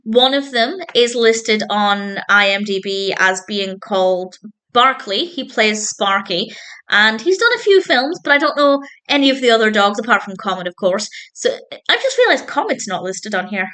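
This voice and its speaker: A woman's voice: mid-range voice, lively intonation, normal speed, bright, forceful tone. A woman reviewing a TV episode in a casual, enthusiastic way, laughing often and getting emotional. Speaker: film and TV reviewer.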